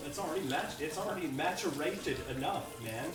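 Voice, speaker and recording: A man's voice: fairly high pitch, expressive, a little fast. A man co-hosting a live brewing stream, laid-back and teasing his partner. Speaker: livestream co-host. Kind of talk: casual chat. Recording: echoey room, off-mic from a distance.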